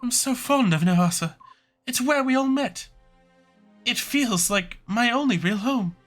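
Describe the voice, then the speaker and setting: Dude doing a sweet young girl voice, soft and earnest, pitched way up. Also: animated, measured pace, faint music behind. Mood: gentle. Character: gentle young woman, hopeful and kind. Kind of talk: voicing game dialogue on a let's-play.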